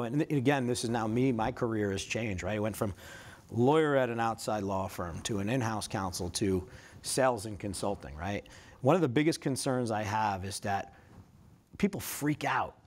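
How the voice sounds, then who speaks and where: Chatty self-deprecating man presenting. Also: medium pitch. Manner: conversational, self-deprecating, frequent tag questions. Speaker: career fest speaker. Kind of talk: casual presentation to law students.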